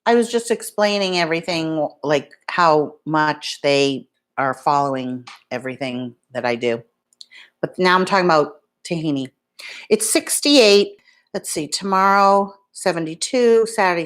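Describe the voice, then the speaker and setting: A woman's voice: lowish voice, expressive, a little slow, fairly bright tone. A woman in her fifties, chatting casually and rambling as she talks to her viewers by name at home. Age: 50s. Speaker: beauty vlogger. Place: home in Florida.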